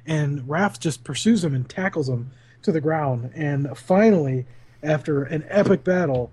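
Husky, laid-back man recapping a comic. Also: fairly high pitch, unhurried, a little mellow.

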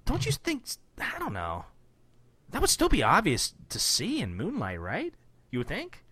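A man co-hosting a casual chat, animated, laughing often and slipping into silly character voices. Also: fairly high pitch, unhurried, husky. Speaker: podcast co-host recapping a cartoon.

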